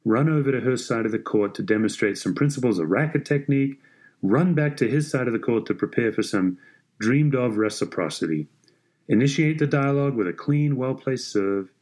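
A man reading a story aloud in a measured, even way. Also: mid-range voice. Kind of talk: scripted story narration.

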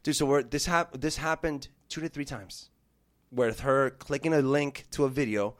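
A man in his thirties telling a story in casual podcast chat, animated and full of swearing. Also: mid-range voice, normal speed. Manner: animated, profane, acts out quotes.

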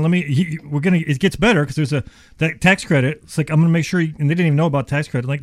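Man, rapid radio sales talk, dry studio sound, a bit high-pitched. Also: fairly even intonation, dry recording. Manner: fast, enthusiastic sales pitch with restarts. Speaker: HVAC company owner and radio guest.

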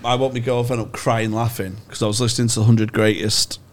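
A man co-hosting a comedy podcast, chatting casually with quick, laughing banter. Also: medium pitch, flat delivery. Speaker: podcast co-host.

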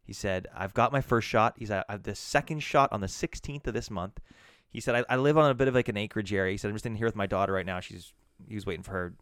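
Profane storytelling man, smooth voice. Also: fairly low pitch, fast talker, dry recording, clean studio sound. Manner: profane, animated storytelling with frequent restarts. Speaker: podcast co-host, bartender. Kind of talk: casual chat.

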